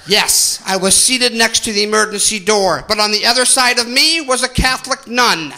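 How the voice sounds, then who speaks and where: A man's voice: extremely high pitch, fairly quick, hardly any pauses, bright, forceful tone, faint music behind. A man doing stand-up comedy on a theater stage, telling exaggerated stories and making asides to the audience.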